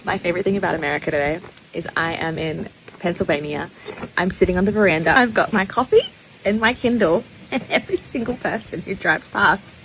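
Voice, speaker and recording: Excitable woman vlogger, swooping lively delivery, faint background hum. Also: mid-range voice, fairly quick, poor audio. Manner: gushing, excitable. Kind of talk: casual vlog.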